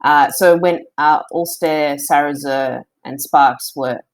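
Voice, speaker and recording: A woman's voice: sits low, fairly even intonation, takes it slowly, low-quality recording. A woman player in a tabletop game who speaks hesitantly, apologizing and correcting herself. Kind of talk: casual chat.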